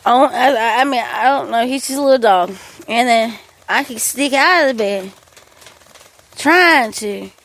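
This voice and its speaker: A woman, hosting a podcast and telling a rambling, animated story about her household, swearing freely. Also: fairly high pitch, a little slow. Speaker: podcast host. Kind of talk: casual storytelling monologue.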